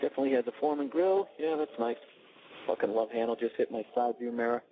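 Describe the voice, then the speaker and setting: A man's voice: mid-range voice, animated, quick pace, background noise. A man hosting his own podcast from inside a parked car, rambling in a profane, sarcastic way. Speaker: podcast host. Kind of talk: casual solo podcast rant. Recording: dull lo-fi recording.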